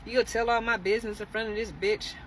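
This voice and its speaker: A woman's voice: fairly high pitch, fairly even intonation, fast, fairly bright tone, a little hiss or hum, natural voice, rough recording. A woman quoting an angry, jealous ex-girlfriend who speaks in a heated, accusing way.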